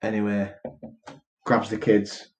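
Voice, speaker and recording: A man's voice: on the low side, monotone, takes it slowly, a little mellow, rough recording. A man co-hosting a podcast, chatting casually as he retells a film plot, with lots of fillers and restarts. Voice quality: rambling with many fillers and restarts. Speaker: podcast co-host.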